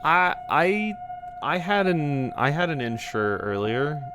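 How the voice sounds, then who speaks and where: A man's voice: fairly high pitch, very animated, takes it slowly, over music. A young man live-streaming a game, chatting casually with his viewers in a rambling, jokey way, swearing and reading game text aloud. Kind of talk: casual live-stream chat while gaming.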